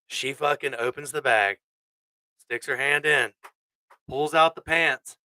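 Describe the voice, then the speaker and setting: A man hosting a podcast, telling a crude story in a casual, animated way, swearing a lot. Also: mid-range voice, takes it slowly, clear, resonant tone, no echo, low-quality recording. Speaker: podcast host.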